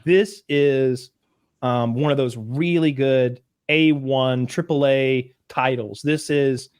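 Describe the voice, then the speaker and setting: A man co-hosting a casual podcast chat, telling stories with animated bursts and acted-out quotes. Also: mid-range voice, slow pace, smooth, dry recording, studio quality. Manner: animated storytelling, acts out quotes in loud bursts. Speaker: podcast co-host.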